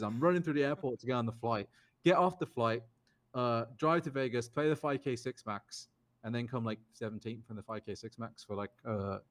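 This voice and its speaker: A young man from the UK tells poker stories in a casual, animated way. His voice sits at a middle pitch, and he jumps up when quoting other people. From United Kingdom. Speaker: guest, poker player. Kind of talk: casual storytelling.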